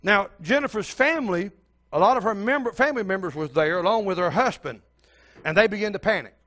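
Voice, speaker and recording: A man's voice: high voice, lively intonation, fairly quick, a bit bright. An older man preaching a sermon as pastor, telling a story and speaking straight to the congregation.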